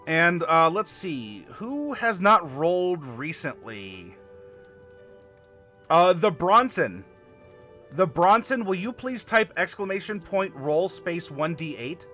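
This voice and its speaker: A man hosting a live tabletop worldbuilding stream, chatting to viewers and halting over fillers as he spells out dice commands. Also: sits high, sing-song, pushed and bright, soft background music. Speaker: game master and stream host.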